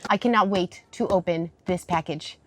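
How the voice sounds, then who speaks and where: With a lowish, slightly bright voice at normal speed, a woman from California who lives in her vehicle chats to the camera outdoors around her truck. Her casual vlog talk is emotional and chatty, full of laughs and gasps.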